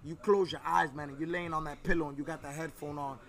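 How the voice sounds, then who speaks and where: A man, telling stories in animated casual chat full of slang and swearing. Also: a little high, quick pace, crowd noise. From New York. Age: 30s.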